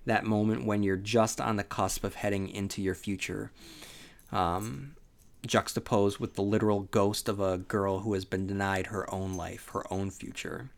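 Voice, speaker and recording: A man's voice: on the low side, steady tone, normal speed, creaky. A sleepy man hosting a podcast from home, talking casually about a book with lots of fillers and restarts. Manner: rambling, many fillers and restarts. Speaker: podcast host. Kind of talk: casual solo book discussion. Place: home on a rainy day.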